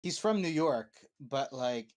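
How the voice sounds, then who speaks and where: A man at an ordinary, middle pitch tells loose, wandering anecdotes over an online voice chat. His talk is relaxed and conversational, the sound of a watch-along host among friends. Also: measured pace. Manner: rambling, anecdote-telling. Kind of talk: casual chat over a video call.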